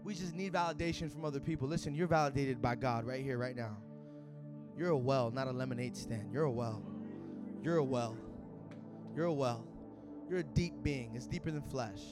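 A man preaching a sermon at a church service in casual, slang-filled talk that rises to shouts. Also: medium pitch, normal speed, music in the background. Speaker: pastor.

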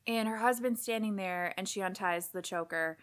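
A woman's voice: medium pitch, normal speed, fairly bright tone. A woman co-hosting a podcast, talking in a laid-back, chatty way and telling stories in casual chat. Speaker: podcast co-host.

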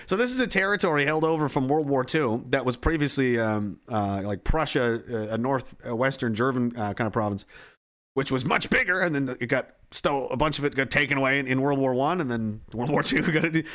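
A man talking casually, profanely and excitedly, full of "like" and restarts. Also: mid-range voice, a little fast. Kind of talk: casual rant.

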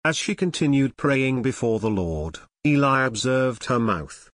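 A man reading a scripture passage aloud in a measured, even way for a church service. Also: medium pitch, no room sound, studio quality. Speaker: scripture reader.

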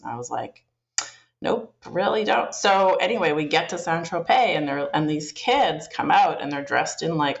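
Canadian woman guest, chatty storyteller, gravelly voice, slightly muffled. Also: rumbling low. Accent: Canadian English. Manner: chatty, rambling with many fillers and restarts. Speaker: interview guest. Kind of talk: casual storytelling interview.

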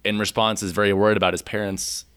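A man's voice: lowish voice, little pitch movement, fast, a bit bright, smooth, dry recording. A man co-hosting a casual podcast, hesitant with many fillers and restarts. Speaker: podcast co-host.

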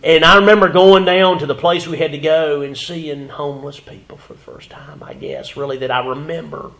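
Man, pastor, sermon, fervent, loud-to-whisper swings, slightly high voice. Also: steady tone, brisk, gravelly, roomy sound. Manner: fervent preaching, swells loud then drops to a whisper. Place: church sanctuary.

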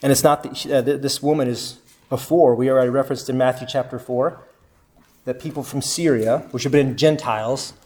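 A man's voice: mid-range voice, steady tone, brisk, darkish tone. A man teaching a Bible lesson to a group, reading scripture aloud and asking the listeners questions. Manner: asks the group questions and repeats their answers.

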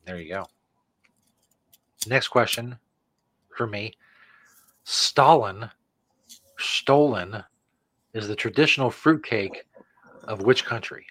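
Man, low voice, dry close mic, relaxed, casual podcast trivia. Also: measured pace, long pauses, no echo. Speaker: podcast co-host. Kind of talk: casual chat, reading trivia questions.

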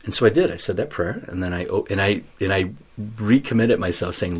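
A man's voice: low-pitched, fairly quick, slightly rough. A man as an interview guest, telling his vocation story in an earnest, self-mocking way.

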